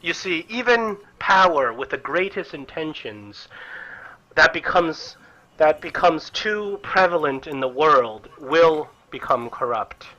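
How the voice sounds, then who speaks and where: An earnest, poised priestess , put on by a man, with a bright, forceful edge, her voice lilting upward when surprised. The recording is dull and lo-fi, like a home tabletop game session. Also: on the high side, animated, slow pace, voice pushed up, heavily acted.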